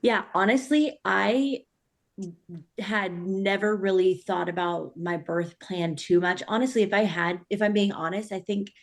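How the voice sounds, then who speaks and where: A woman's voice: medium pitch, a little slow. A young woman, a mother of three, chatting casually and filling her talk with "like" and "honestly". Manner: chatty, lots of fillers like "like" and "honestly". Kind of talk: casual conversation.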